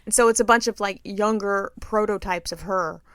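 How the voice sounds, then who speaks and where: A middle-aged woman co-hosting a casual chat, telling a story in an animated, profane way and acting out what people said. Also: mid-range voice, moderate pace, clear, resonant tone, no room sound, clean studio sound. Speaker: podcast co-host.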